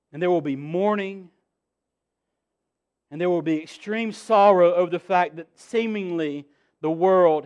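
A man with a notably high-pitched voice preaches a sermon as pastor. He is earnest, repeats his key phrases and lets his emphasis swell and fall back. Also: darkish tone, lo-fi sound.

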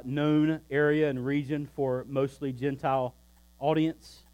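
A pastor preaching a sermon, emphatic and shifting between loud preaching and quiet, low asides. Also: male voice, rough recording.

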